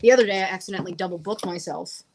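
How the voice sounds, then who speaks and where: A woman's voice: fairly low pitch, rapid-fire, a little mellow, a little hiss or hum. A woman tattoo artist chatting as a guest in a casual interview, bubbly and talkative, acting out what her clients say.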